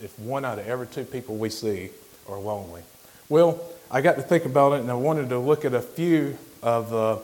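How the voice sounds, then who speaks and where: Halting, plainspoken man giving a sermon. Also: on the low side, darkish tone, poor audio. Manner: halting and plainspoken, with repeated restarts. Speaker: guest lay preacher. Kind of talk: informal sermon.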